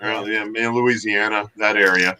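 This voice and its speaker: Man, from Florida, guest musician, bright tense voice, friendly, faint noise. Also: on the low side, steady tone, moderate pace. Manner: friendly, laughs easily. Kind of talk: casual chat.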